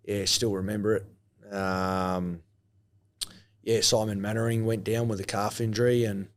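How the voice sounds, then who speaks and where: Low-voiced man from New Zealand, Australian-tinged accent, relaxed and halting interview guest. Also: slight background noise. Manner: relaxed, hesitant with frequent ums and restarts. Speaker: guest, former rugby league player. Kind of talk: casual interview.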